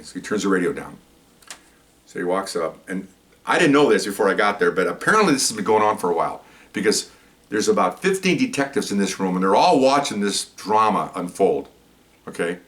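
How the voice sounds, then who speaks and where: A man who used to be a police officer tells a story from his working days in a loose, conversational way. He gets animated as it builds and acts out the other people's lines himself. His voice sounds a little distant from the microphone. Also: sits low, brisk. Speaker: retired police officer telling stories. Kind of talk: casual storytelling.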